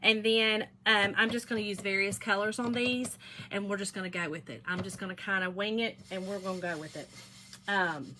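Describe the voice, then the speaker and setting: Bright, chatty woman crafting live. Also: medium pitch, steady tone, normal speed, a little hiss or hum. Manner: chatty, laughs often, addresses viewers as y'all. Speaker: craft livestream host. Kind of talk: chatty craft demonstration with storytelling.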